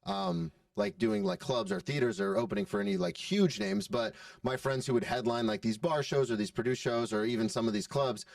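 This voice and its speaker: A man's voice: mid-range voice, a little fast, creaky, few pauses, no echo, studio quality, distant mic. A man in his thirties hosting a podcast, chatting casually, telling his own stories and nodding along. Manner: relaxed, affirming, tells his own stories. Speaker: podcast host. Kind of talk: casual interview chat.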